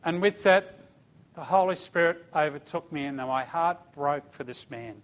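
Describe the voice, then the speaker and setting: A man's voice: on the high side, normal speed. Fervent man preaching. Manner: emphatic storytelling with calls of amen and hallelujah. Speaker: church speaker giving testimony. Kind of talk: sermon testimony.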